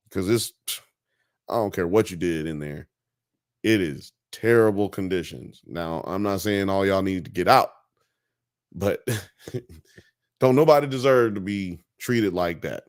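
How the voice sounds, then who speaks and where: A man hosting a casual live-stream talk show, animated, slangy and joking. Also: fairly low pitch, clear, resonant tone, no room sound, studio quality. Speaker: podcast host.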